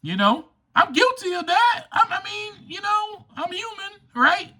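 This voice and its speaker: A man's voice: extremely high pitch, measured pace. A man hosting a recovery podcast, talking in an emphatic, preachy monologue and acting out quoted voices. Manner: animated, acts out quoted voices. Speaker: podcast host.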